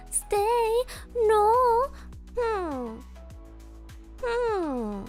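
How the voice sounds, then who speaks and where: A young woman streams and chats with her viewers in a high, girlish voice. She takes her time, drawing words out, and her tone is playful and teasing, often slipping into mock offense. Faint music plays quietly underneath. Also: sing-song, very slow, long pauses. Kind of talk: casual chat with viewers.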